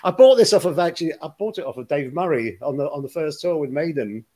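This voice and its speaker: Older guest musician, lively yarn-spinner who keeps laughing. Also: male voice, fairly high pitch, fast. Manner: animated storyteller, laughs often. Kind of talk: casual chat.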